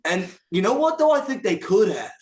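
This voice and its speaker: Man, band member, casual storyteller, animated, slightly high voice. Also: moderate pace, background noise. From Philadelphia area, USA. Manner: animated, laughing, swears freely.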